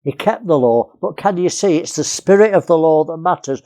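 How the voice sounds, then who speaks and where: A man's voice: a little high, animated, normal speed, dark tone. A man from England preaching a sermon, earnest, repeating key phrases and often restarting.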